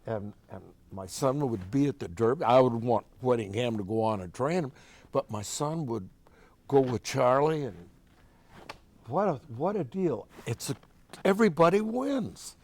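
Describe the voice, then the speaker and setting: A man's voice: mid-range voice, lively intonation, normal speed, darkish tone, no echo. Older man telling folksy stories. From Oregon, USA. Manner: folksy, chatty anecdotes with restarts. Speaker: interview guest, musician. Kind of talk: casual storytelling.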